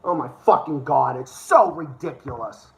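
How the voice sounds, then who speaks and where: A man's voice: fairly high pitch, lively intonation, moderate pace, vocal fry, reverberant, rough recording. Guy ranting on his stream, super sweary and sarcastic, fed up with everything. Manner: profane, sarcastic, exasperated. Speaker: livestream host. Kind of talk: ranting commentary over clips.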